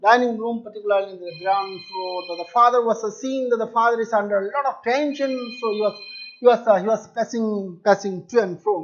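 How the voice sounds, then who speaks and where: A male English teacher explaining a story to his students, repeating and restating words to make the meaning clear. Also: high voice. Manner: addresses listeners as dear children. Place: home or classroom video lesson. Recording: dull lo-fi recording.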